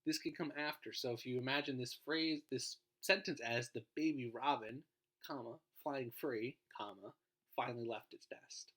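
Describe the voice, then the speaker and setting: A man's voice: mid-range voice, moderate pace, a bit bright. A man giving a recorded grammar lesson as a guest teacher, explaining in an informal way and trailing off at the ends of phrases.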